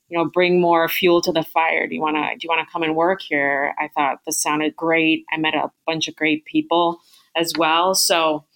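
A woman's voice: fairly low pitch, fairly bright tone. A woman being interviewed as a chief marketing officer, talking in an upbeat, thoughtful way with frequent fillers and restarts. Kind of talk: business interview.

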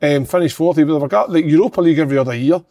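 A man's voice: a little high, very fast, warm tone. A man talking football in a blunt, rambling casual chat. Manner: blunt, rambling, swears freely.

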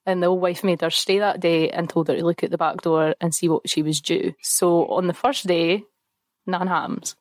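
A woman's voice: on the low side, fairly even intonation, normal speed, no echo. A young woman retelling a folktale in casual chat, laughing often and adding playful asides. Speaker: podcast co-host.

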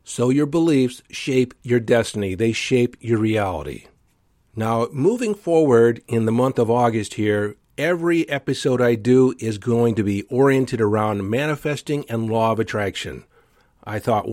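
A man hosts a motivational podcast solo, coaching listeners earnestly and with emphasis. His mid-range voice is animated and a little mellow at a normal pace, recorded as clean studio sound with no room sound.

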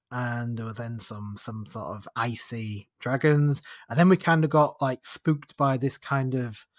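A man's voice: medium pitch, no room sound, studio quality. A man with a Northern English accent, chatting casually about a trip, rambling and laughing easily. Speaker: podcast guest. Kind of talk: casual chat.

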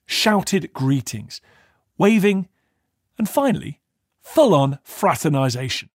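A man giving scripted documentary narration with expressive delivery. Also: on the high side, slow, no room sound, clean studio sound.

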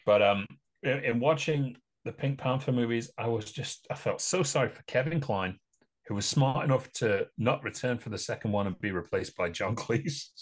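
A podcast co-host rambles at length about films in a casual chat, opinionated and laughing often. He has a mid-range voice and speaks at a normal speed.

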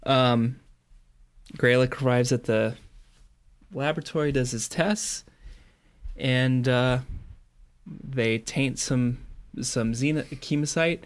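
A man's voice: medium pitch, slow, long pauses, clean tone. Casual male podcast host. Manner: retells scenes with playful voices for characters. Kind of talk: casual episode recap.

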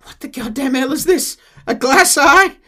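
A man voicing a crazed old male treasure hunter who shrieks high and loud. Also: sing-song, fairly quick. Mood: manic. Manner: shrieking, laughing and weeping.

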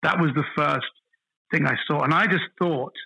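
A man, a guest on a casual podcast, tells stories with animated energy. His voice is bright and forward, with a husky edge, set a little high for a man. The recording is dry and close. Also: moderate pace, no room sound, poor audio. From London, England. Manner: animated storyteller, repeats words when starting a thought. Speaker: guest comedian.

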